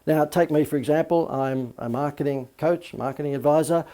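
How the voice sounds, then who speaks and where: Chatty middle-aged man with a mellow voice. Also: on the high side, normal speed. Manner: chatty, many fillers, asks "okay?". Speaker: marketing coach. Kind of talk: casual video talk on marketing.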